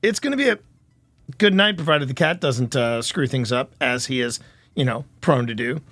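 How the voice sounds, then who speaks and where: A man hosting a live stream in casual chat with viewers, excitable and quick to laugh and shout. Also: mid-range voice, no room sound. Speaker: livestream host.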